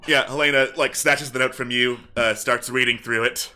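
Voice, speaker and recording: A man narrating as game master of a tabletop game, reading a long letter softly and slowly. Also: medium pitch, steady tone, soft background music.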